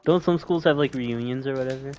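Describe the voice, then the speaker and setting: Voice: mid-range voice, fairly quick, a little mellow, a little hiss or hum. A person in casual chat who makes blunt remarks and laughs often.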